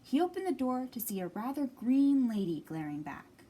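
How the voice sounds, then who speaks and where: A woman librarian reading a picture book aloud at a children's storytime, expressive and animated. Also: on the high side, normal speed, slightly rough.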